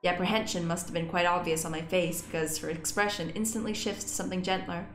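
Excitable woman reading a game aloud. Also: fast talker, echoey room, faint music behind. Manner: excitable, swears freely, squeaks when frustrated. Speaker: gaming YouTuber. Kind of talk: reading a visual novel aloud with reactions.

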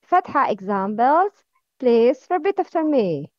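A woman teaching Arabic letters, drilling words slowly and asking the listener to repeat after her. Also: sits high, sing-song, no room sound. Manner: slow, careful drilling with repeat-after-me prompts. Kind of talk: slow recorded lesson. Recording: dull, lo-fi sound.

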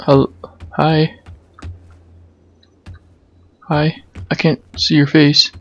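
A man doing let's play commentary, excitable, swearing and yelping when startled. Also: fairly high pitch, very slow, highs cut off, soft background music. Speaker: gamer.

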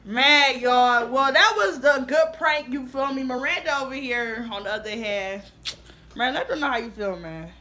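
A woman's voice: high voice, lively intonation, moderate pace, pushed and bright. A young woman hosting a prank vlog, talking casually to the camera in a playful, slangy, laughing way. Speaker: vlog host.

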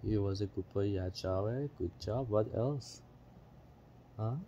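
A man coaxing his pet cockatoo in sing-song baby talk, asking the same gentle questions over and over. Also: lowish voice, a little slow, dull audio, slight background noise. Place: home with a pet bird.

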